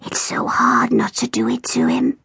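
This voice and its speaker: A woman's voice: high-pitched, very animated, moderate pace, dry recording, clean studio sound, voice pushed up. A woman doing a giddy, very drunk bride-to-be. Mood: whispering. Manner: giddy and loud, slurring slightly. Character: very drunk, gushing young bride-to-be.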